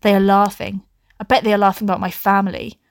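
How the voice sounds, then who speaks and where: A woman's voice: mid-range voice, little pitch movement, fast, no room sound, clean studio sound, close to an everyday voice. A woman reading aloud the lines of a stressed, anxious teenage boy from a story, in her own plain voice.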